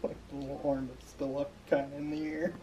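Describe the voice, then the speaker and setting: A man's voice: medium pitch, flat delivery, brisk, mellow, a little hiss or hum. Man making dry joking asides. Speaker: vlog co-host. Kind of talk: casual chat. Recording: music playing behind.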